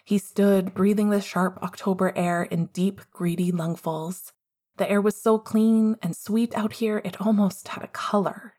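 A woman reading a fan story aloud in a calm, measured way. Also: mid-range voice. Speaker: audiobook reader. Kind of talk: storybook narration.

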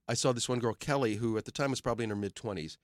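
A middle-aged man from Detroit who hosts a film show, telling animated stories in casual chat and acting out the people he quotes. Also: medium pitch, very fast, dry recording, clean studio sound. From Detroit, USA. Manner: animated storyteller who acts out quoted voices.

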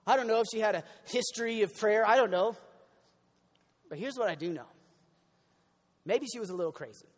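A man's voice: sits high, a little fast, long pauses. A young man preaching a conversational sermon, acting out the people in the story, sometimes crying out and sometimes dropping almost to a murmur. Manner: conversational, animated, acts out voices, swings from loud to quiet. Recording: long hall reverb.

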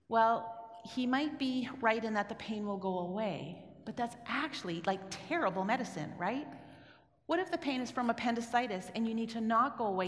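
A middle-aged woman from Canada telling a personal story to an audience in a conversational way, often asking them questions. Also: a little high. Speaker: speaker giving a talk. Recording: echoey hall with long reverb.

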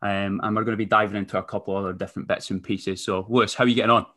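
A man hosting a podcast, relaxed and friendly, pausing often with ums. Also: on the low side. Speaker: podcast host. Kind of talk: casual podcast interview.

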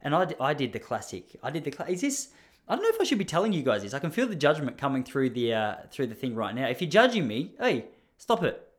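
A man's voice: medium pitch, big pitch swings, fast talker. Rambling Australian man telling a story. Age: 30s. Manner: rambling, self-deprecating, many asides. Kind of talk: casual storytelling.

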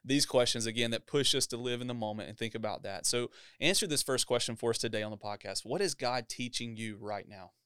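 An upbeat man hosts a church podcast in an easy interview style, with a smooth, clear voice. The sound is dry and close, with no room echo. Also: medium pitch, a little fast, hardly any pauses, fairly bright tone. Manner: upbeat, laughs often. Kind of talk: casual interview.

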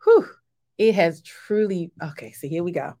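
A woman's voice: on the low side, moderate pace, crowd noise. A woman co-hosting a live show, emotional and laughing often as she talks. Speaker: co-host. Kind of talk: casual live show chat.

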